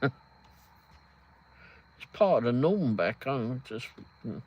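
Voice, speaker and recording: A man's voice: medium pitch, big pitch swings, slow, a little mellow, dull audio. Chatty English man, live stream. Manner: rambling, reads chat aloud, laughs often. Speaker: livestream host. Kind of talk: casual live-stream chat.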